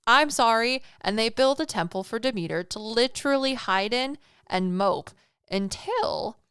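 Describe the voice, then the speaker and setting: A woman's voice: a little high, expressive, normal speed, clean tone, dry recording, clean studio sound. A young adult woman, a podcast host, retelling a myth in a chatty, slangy, playful way.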